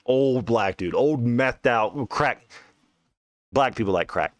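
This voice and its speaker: A man's voice: medium pitch, expressive, slow, no room sound. A man telling a story in a casual, rambling, profane way, often saying "you know what I mean". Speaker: podcast host.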